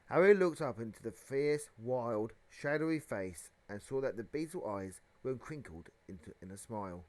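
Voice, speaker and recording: Expressive male storybook reader. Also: mid-range voice, normal speed. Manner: expressive, dramatic reading. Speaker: audiobook reader. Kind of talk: storybook narration.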